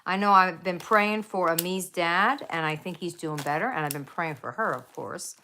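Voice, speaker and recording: Middle-aged woman, low voice, chatty rambling home vlogger, faint background rustle. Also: normal speed, bright, forceful tone, a little hiss or hum. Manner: chatty, rambling, lots of fillers and side stories. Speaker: craft vlogger. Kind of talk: casual rambling haul vlog. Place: home craft room.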